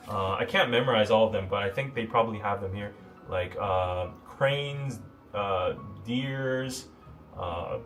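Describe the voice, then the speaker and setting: A man's voice: on the low side, fairly bright tone. Chatty rambling man, slightly distant. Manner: rambling, chatty, with frequent fillers. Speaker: podcast host. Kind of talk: casual livestream chat.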